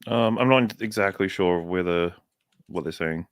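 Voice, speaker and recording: A man's voice: low voice, unhurried, no echo. A man co-hosting a livestream chat, talking in a wry, laid-back way. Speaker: co-host.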